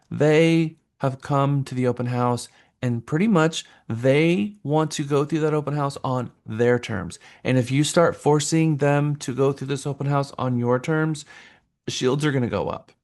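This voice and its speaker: A man teaching a real estate sales class in an animated lecture style. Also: medium pitch, a little slow. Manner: lively, acts out buyers' voices.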